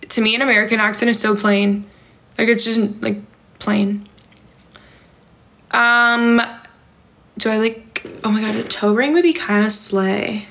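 A woman's voice: fairly high pitch, fairly bright tone. A young woman chatting on a livestream, reading viewer comments aloud and answering them in a rambling way, with lots of "like" and "um". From California. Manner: rambling and filler-heavy, many "like" and "um". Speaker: livestream host.

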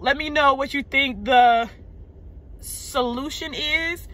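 A woman talks straight to her viewers from a parked car, upset and searching for words. Her voice is bright and forceful. She stops mid-phrase, repeats herself and lets out heavy sighs. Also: on the high side, animated. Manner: halting, sighing, repeating words. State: upset and shaken. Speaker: vlogger. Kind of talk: unscripted emotional vent to camera. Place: parked car in a parking lot.

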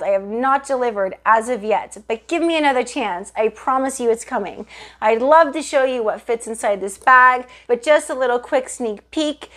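Higher-voiced woman, bubbly and gushing, casual handbag review vlogger talking to her viewers. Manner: gushing, enthusiastic, addresses viewers as "you guys". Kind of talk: casual product review vlog.

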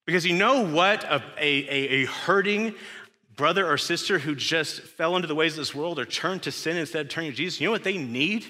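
A man's voice: fairly high pitch, a little fast, sharp tone. Young male preacher in an echoey hall. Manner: conversational, emphatic, rhetorical questions. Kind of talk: sermon. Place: church sanctuary.

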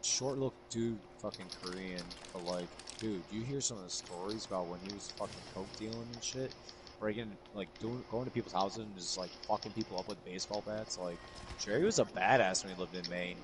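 A man's voice: on the low side, brisk. A young man chatting casually while playing a video game, telling stories with plenty of swearing. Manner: swearing, animated storyteller. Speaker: streamer. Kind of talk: casual chat while gaming. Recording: game noise behind. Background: video game sounds.

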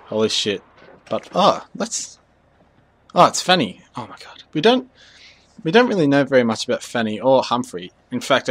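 A young man giving rambling, jokey commentary over his own gameplay, easily excited. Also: mid-range voice. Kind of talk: casual let's play commentary.

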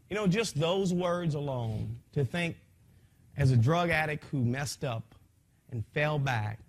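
A man giving an impassioned spoken testimony to a gathering in a folksy, rambling way, his voice swinging from soft to loud. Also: fairly high pitch. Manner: folksy, rambling, with frequent restarts.

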